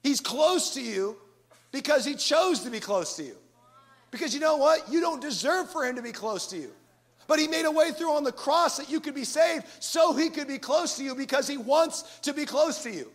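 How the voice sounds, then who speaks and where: A man preaching a sermon with animated delivery and acted-out asides. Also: extremely high pitch, normal speed. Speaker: pastor.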